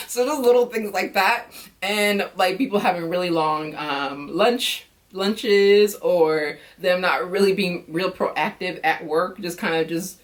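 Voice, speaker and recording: An American woman talking casually in an animated, chatty way, acting out quick reactions as she tells stories. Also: low-pitched. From United States. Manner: animated, chatty storytelling with lively quoted reactions. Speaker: vlogger. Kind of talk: casual chat.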